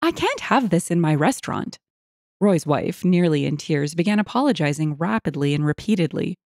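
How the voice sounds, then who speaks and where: A woman reading out a story as scripted narration, expressive in tone. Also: fairly low pitch, no room sound, clean studio sound.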